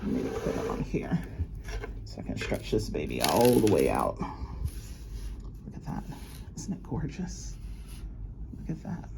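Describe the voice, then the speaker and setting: A woman's voice: very deep voice, wildly swooping pitch, takes it slowly, vocal fry, long pauses, background noise. A woman chatting casually and rambling as she shows off her new jewelry, laughing often. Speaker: luxury unboxing vlogger. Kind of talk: casual show-and-tell chat.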